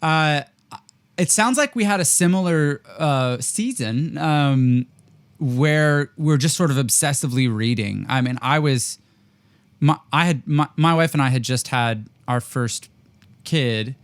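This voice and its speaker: A man from rural Ontario hosting a conversational interview, friendly and jokey, quick to laugh. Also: fairly high pitch, clean tone, no room sound. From rural Ontario, Canada. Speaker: podcast host.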